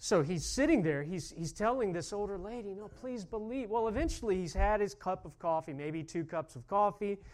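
A man's voice: high-pitched, brisk, hardly any pauses, a little mellow. A pastor preaching a sermon, telling a story and then building to fervent, emphatic calls to his congregation.

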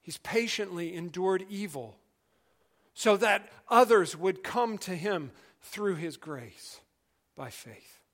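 Man, middle-aged pastor, sermon, earnest, conversational, high voice. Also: lively intonation, slow pace. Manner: earnest, conversational, drops to quiet emphasis.

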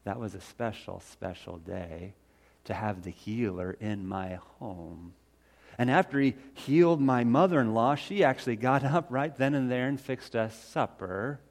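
A man playing the fisherman Peter, telling a Bible story in the first person in a folksy, conversational way that swings from loud to hushed. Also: medium pitch, creaky. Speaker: storyteller in character.

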